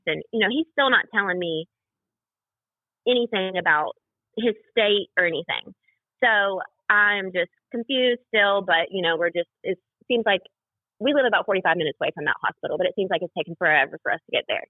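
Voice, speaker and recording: A woman's voice: mid-range voice, a little fast, no echo. A young woman, a podcast guest, telling a personal story in a rambling way, full of fillers, acting out what others said. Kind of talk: personal story told in a casual interview. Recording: tinny phone-like dry sound.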